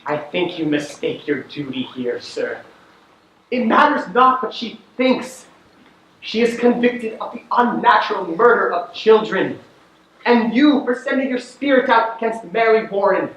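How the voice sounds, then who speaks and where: A teenage actor on a school stage playing a stern male judge who questions in a measured, commanding way. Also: sits high, animated, a bit bright. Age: late teens. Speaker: student actor. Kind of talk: stage acting in a school play. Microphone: distant camera in the audience. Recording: echoey hall from far off.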